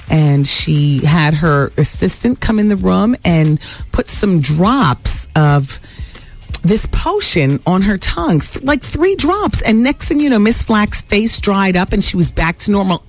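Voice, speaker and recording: A woman hosting a radio talk show, chatting candidly with callers and listeners and laughing easily. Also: on the low side.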